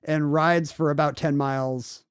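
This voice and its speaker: A man's voice: a little high, steady tone, unhurried, clear, resonant tone, dry recording, clean studio sound. A man co-hosting a podcast, joking and laughing often as he playfully retells history in casual chat. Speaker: podcast co-host.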